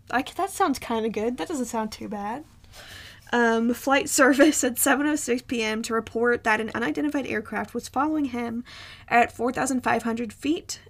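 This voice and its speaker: A woman co-hosting a podcast, telling a story in casual chat, rambling with frequent ums and restarts. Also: a little high. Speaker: podcast co-host.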